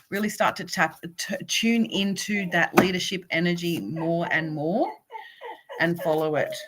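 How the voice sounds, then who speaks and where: Low-voiced woman giving oracle card readings. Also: unhurried, noisy background. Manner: warm, encouraging, addresses viewers by name. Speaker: spiritual coach reading oracle cards.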